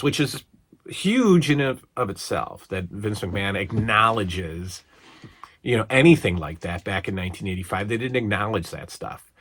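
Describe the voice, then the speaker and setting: A man's voice: lowish voice, sharp tone, husky. A man hosting a casual wrestling review show, rambling along with amused asides and many restarts.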